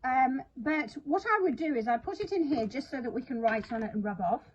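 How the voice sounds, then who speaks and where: Woman, literacy teacher, husky and a touch high, chatty and self-mocking, lo-fi sound. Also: expressive, fairly quick. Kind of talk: instructional talk to camera.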